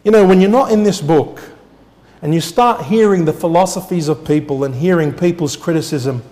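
Emphatic preacher in a reverberant hall. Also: male voice, moderate pace. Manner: emphatic, rising to loud declarations then dropping low; asks the congregation rhetorical questions. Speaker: pastor. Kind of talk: sermon.

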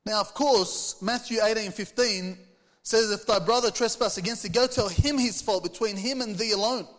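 A man's voice: high-pitched, normal speed, fairly bright tone, long reverb tail. A man preaching a sermon, reading scripture aloud and putting earnest rhetorical questions to the congregation. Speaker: pastor.

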